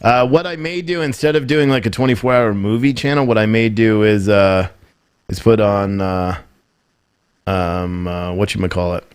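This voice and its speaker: Male game streamer, slightly low voice, easygoing slangy banter with his squad. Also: steady tone, moderate pace, smooth. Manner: loose, slangy banter with teammates and chat. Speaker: streamer playing an online shooter. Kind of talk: casual gameplay chat.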